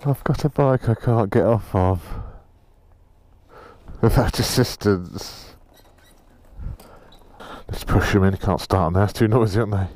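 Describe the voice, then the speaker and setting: A man's voice: on the low side, unhurried, pauses often, darkish tone. A man vlogging a motorcycle tour, sweary, joking and worn out. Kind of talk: casual vlog chat.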